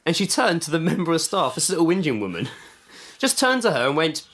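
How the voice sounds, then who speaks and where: A man's voice: a little high, brisk. A man co-hosting a podcast, telling anecdotes with lots of laughter and swearing. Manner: animated anecdotes, laughs often, swears freely. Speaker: podcast co-host. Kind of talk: casual chat. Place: podcast studio.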